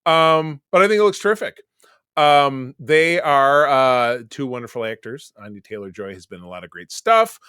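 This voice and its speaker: Male podcast co-host, chatty and excitable, full of fillers, recorded dry. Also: medium pitch, moderate pace, clear, resonant tone, no room sound. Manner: animated, rambling with many fillers. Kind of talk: casual chat.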